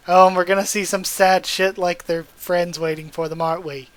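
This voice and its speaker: A man's voice: sits high, flat delivery, normal speed, hardly any pauses, a bit bright. A man reading a comic aloud for his channel, reacting emotionally between panels, his voice strained. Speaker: YouTuber reading manga aloud. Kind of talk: comic readthrough with commentary.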